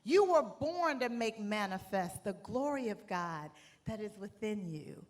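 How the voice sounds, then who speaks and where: A woman motivational speaker giving an inspirational keynote to a live audience, speaking in measured, deliberate phrases. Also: mid-range voice, lively intonation. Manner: builds from soft, measured delivery to shouted call-and-response. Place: large hall with a live audience.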